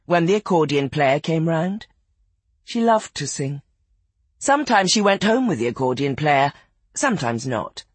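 A narrator reading a literary novel aloud in an expressive, measured audiobook style. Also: mid-range voice, husky, no room sound.

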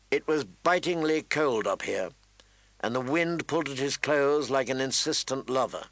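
A man reading a novel aloud in a measured, even storytelling manner. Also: medium pitch, no echo. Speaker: audiobook narrator. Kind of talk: scripted narration.

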